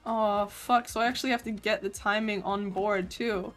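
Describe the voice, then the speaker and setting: A woman's voice: medium pitch, moderate pace, few pauses, faint music behind. A woman with an Australian accent streaming a game, commenting casually, swearing often and breaking into sudden yelps and laughs. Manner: excitable, swears a lot, bursts into yelps and laughs.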